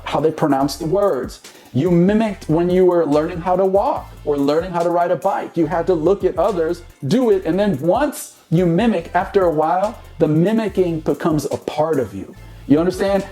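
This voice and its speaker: A man's voice: fairly high pitch, dark tone. A man hosting a casual dating advice monologue, who keeps checking in with "you know what I mean?".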